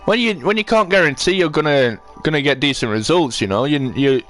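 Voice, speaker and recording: Ranting Sheffield man, fairly high voice. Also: lively intonation, brisk, fairly bright tone, faint music behind. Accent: Sheffield English. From Sheffield, England. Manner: ranting, swearing, repeats himself. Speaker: livestreamer. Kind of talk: angry rant to live chat.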